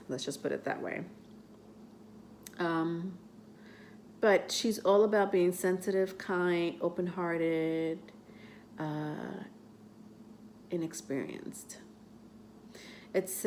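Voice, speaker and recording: A woman giving a casual tarot reading to her viewers, chatty and halting, with many fillers as she reads card texts aloud. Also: on the low side, a little hiss or hum. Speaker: tarot reader.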